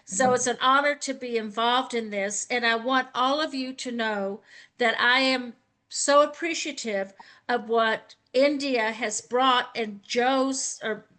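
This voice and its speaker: Slow, bright-voiced Southern American woman. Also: a little high. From Southern United States. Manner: gracious, effusive, drawling. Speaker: guest speaker. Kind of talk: slow, folksy online panel talk.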